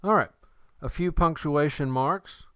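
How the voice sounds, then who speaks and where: A man lectures in a slow, unhurried way, his voice smooth and resonant. He explains patiently and slips in playful memory tricks, recorded close and dry with no room sound. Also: fairly high pitch, fairly bright tone, dry recording. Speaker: Greek teacher.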